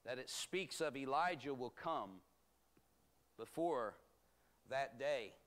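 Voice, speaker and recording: A man teaching a bible study as pastor, reading scripture aloud and explaining it in a measured, emphatic way. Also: mid-range voice, expressive, a bit bright. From United States.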